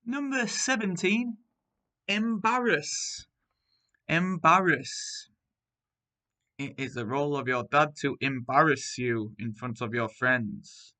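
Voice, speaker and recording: His voice is a little high, pushed and bright. This primary school teacher reads a spelling test aloud, carefully dictating one word at a time and following each with an example sentence.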